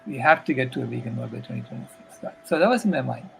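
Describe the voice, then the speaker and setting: A man's voice: medium pitch, expressive, quick pace, gravelly, slight background noise, low-quality recording. An older man telling a story as a guest, earnest and casual, with many fillers.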